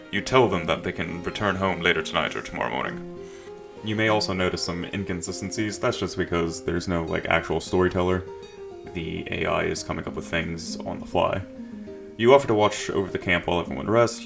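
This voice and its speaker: Deep gravelly man reading a text adventure. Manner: dry, joking asides between readings. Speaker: gamer narrating a text adventure. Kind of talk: reading and commenting on an AI story game.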